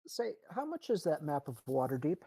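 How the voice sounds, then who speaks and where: A woman's voice: low-pitched, big pitch swings, moderate pace, warm tone, breathy edge. A woman playing a tabletop game, casual and blunt, swearing freely. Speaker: player.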